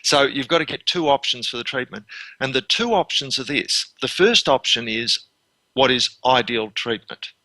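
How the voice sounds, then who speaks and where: A man in his sixties, a dental consultant telling stories as an interview guest, animated and quick to act out scenes, often repeating words as he restarts. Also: mid-range voice, dry recording, low-quality recording. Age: 60s.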